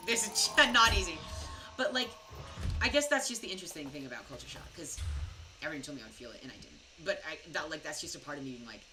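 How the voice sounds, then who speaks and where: A woman's voice: sits low, lively intonation, quick pace, over music. Tipsy, chatty young American woman streamer. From United States. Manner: rambling, chatty storytelling with many fillers. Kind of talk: casual gaming stream chat. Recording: distant mic with background noise.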